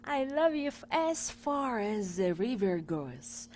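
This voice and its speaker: A woman reading aloud, voicing an older, wiser male furry creature who speaks gently and tenderly. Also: medium pitch, very animated, slow pace, a little hiss or hum. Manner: gentle, tender storybook delivery.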